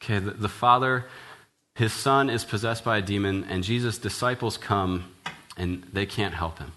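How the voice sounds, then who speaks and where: A man's voice: lowish voice, normal speed. A man, a church minister, preaching an earnest, conversational sermon, often checking in with "right?" and restarting his sentences. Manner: casual, frequent "right?" tag questions and restarts; earnest, ends in quiet prayer.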